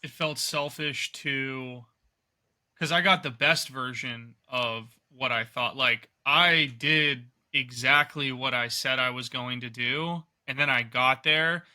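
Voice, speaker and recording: Earnest man with a very bright voice. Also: medium pitch, takes it slowly. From United States. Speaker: podcast guest. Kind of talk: podcast interview.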